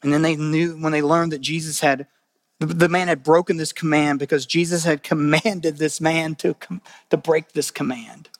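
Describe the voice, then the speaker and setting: A pastor preaches a sermon in a fairly high voice with fairly even intonation at normal speed, recorded dry in studio quality. Earnest and conversational, he repeats phrases for weight and swings between loud, emphatic bursts and hushed, quiet lines.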